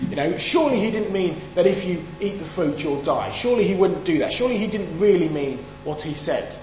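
A man's voice: high voice, animated, brisk, hardly any pauses, a little mellow. Emphatic British man preaching in an echoey hall. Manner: emphatic, asks the audience questions. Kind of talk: sermon. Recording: echoey hall, faint hum.

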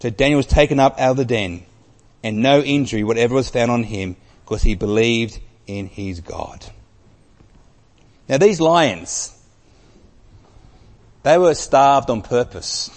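A man's voice: mid-range voice, lively intonation, unhurried, pauses often. Preacher man in a reverberant hall. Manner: emphatic storytelling, swings between loud and very soft. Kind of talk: sermon. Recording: long reverb of a large hall.

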